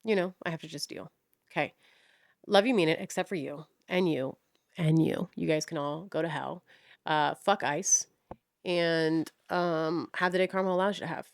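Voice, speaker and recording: In a clean studio recording without echo, a young woman with a low voice talks at a normal speed on her own podcast. It's a loose, candid monologue full of swearing, and she teases herself whenever she loses track of her thoughts.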